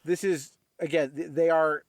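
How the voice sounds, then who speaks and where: A man from California talking casually about an old film on a podcast. His voice sits a bit high, and he fills his talk with "like" and "uh". The mic sounds close and dry. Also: steady tone, normal speed, dry recording. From Laguna Beach, California. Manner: chatty, full of "like" and "uh" fillers. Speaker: podcast co-host.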